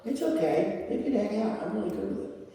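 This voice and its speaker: Middle-aged guy preaching slow, mellow voice, big echoey hall from kinda far off. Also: high voice, animated, gravelly. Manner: slow, storytelling with laughs. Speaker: spiritual speaker. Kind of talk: sermon with personal stories. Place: large hall with audience. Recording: echoey hall, distant mic.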